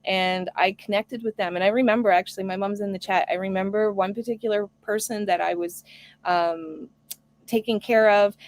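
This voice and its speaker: A woman's voice: medium pitch, no room sound. A woman hosting a casual live stream, talking earnestly and reading viewer comments aloud. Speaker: homestead live stream host.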